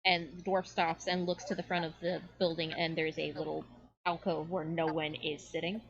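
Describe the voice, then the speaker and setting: A woman narrating as game master of a tabletop game in a relaxed, casual way. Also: low voice, moderate pace, creaky, muffled recording.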